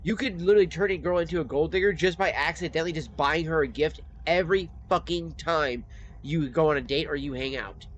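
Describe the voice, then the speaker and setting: A man streaming and chatting casually, telling stories in a blunt, profane, animated way. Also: a little high, a little fast, slight background noise. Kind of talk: casual chat while gaming.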